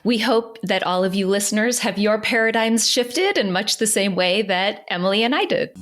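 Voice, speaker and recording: A woman's voice: mid-range voice, lively intonation, normal speed, soft background music. A woman podcast host introducing and interviewing a guest in an earnest, effusive way.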